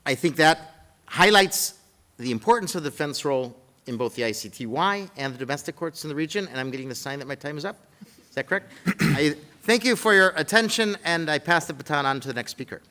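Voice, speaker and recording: A man on a legal panel, telling courtroom anecdotes in a measured way with frequent fillers. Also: on the high side, expressive, pushed and bright. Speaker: defense counsel panelist.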